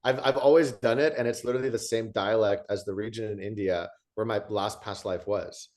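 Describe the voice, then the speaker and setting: A man's voice: lowish voice, steady tone, a little fast, a little mellow. A man hosting an interview, talking enthusiastically about his own experiences, with frequent restarts as he gathers his thoughts. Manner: enthusiastic, storytelling, many restarts. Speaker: host. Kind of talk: conversational interview.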